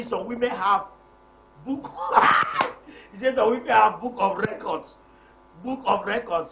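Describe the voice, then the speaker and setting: A middle-aged man hosting a live marriage program as a pastor, reading viewer comments and repeating his points emphatically. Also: high-pitched. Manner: emphatic, repeats key phrases, preacherly. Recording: echoey room with faint noise.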